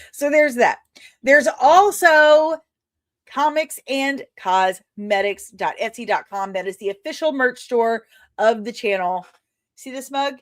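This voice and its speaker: A woman's voice: fairly high pitch, unhurried, no room sound, clean studio sound. A woman hosting a podcast in casual chat, rambling and self-deprecating with many fillers. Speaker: podcast host and comic creator.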